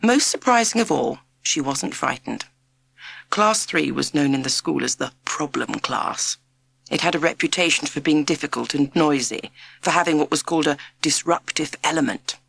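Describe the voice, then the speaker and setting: A woman reading a children's storybook aloud in an expressive, measured narration. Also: low voice, gravelly, breathy edge, dry recording. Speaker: audiobook narrator.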